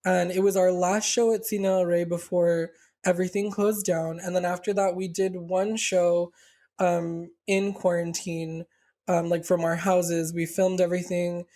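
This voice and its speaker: A young man with a South Texas accent, co-hosting a casual podcast chat, talking freely with lots of "like" fillers and quick restarts. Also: high-pitched, level tone, a little mellow. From Rio Grande Valley, South Texas. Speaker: podcast co-host, drag performer.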